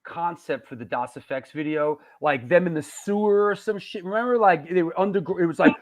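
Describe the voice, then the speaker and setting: A man with a high voice chats animatedly, swearing and dropping street slang. He talks about past shoots in a loose, excited way. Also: brisk, few pauses. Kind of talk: casual chat on a livestream.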